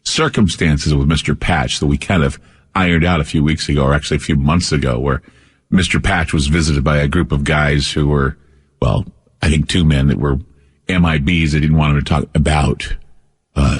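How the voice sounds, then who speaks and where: A man's voice: rumbling low, moderate pace, slightly rough, long reverb tail. A man hosting a radio talk show, telling a rambling personal story with many restarts.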